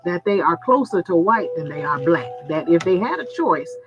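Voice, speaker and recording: A woman's voice: lowish voice, expressive, moderate pace. A woman vlogger venting to her viewers in a sassy, candid monologue, laughing as she talks. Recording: muffled lo-fi sound with loud music. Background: background music.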